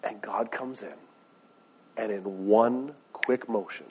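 Slowly and in a fairly low, slightly rough voice, a pastor delivers a conversational sermon. He questions the congregation and paraphrases scripture in plain language.

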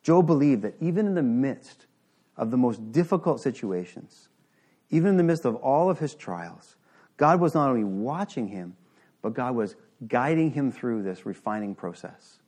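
A man's voice: mid-range voice, animated, moderate pace, darkish tone, husky. A man preaching a sermon to a congregation in a room, earnest and emphatic, often checking in with the listeners.

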